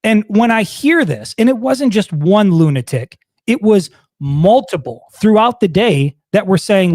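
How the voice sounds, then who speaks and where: A man from Michigan with a Michigan accent, hosting a casual sports talk show and asking blunt, animated questions. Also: sits high, measured pace, few pauses, no echo, clean studio sound.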